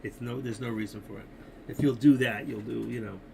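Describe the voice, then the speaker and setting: A man's voice: mid-range voice, steady tone, brisk, creaky, mellow, a little hiss or hum. An older man hosting a casual live stream, talking markets and opinions in a rambling, opinionated way, speaking straight to his viewers.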